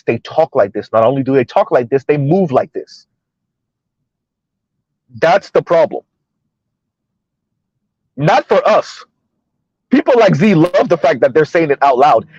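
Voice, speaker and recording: A chatty man with a somewhat high voice rambles through casual commentary from inside his car, laughing often and checking in with "right?". The sound is dry and close, with a dull, muffled lo-fi quality. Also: a little mellow, no room sound. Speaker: commentary channel host. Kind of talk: casual commentary while driving.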